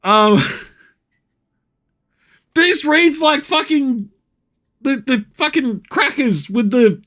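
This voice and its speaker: A man's voice: very high-pitched, lively intonation, very slow, bright, forceful tone. A man streaming live, ranting and swearing with frequent laughter as he comments. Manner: profane, ranting, laughing often.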